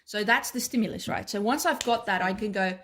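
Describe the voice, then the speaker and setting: Australian woman, dog trainer, mid-pitched, chatty whiteboard explainer. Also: fairly quick, noisy background. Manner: chatty, checks in with "right?" and "okay".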